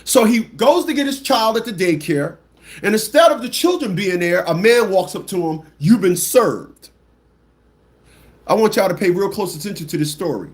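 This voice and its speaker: A man hosting a livestream talk show, telling a story bluntly and mockingly, repeating phrases and mimicking people with shrill squawks. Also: expressive, fairly quick. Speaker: radio show host.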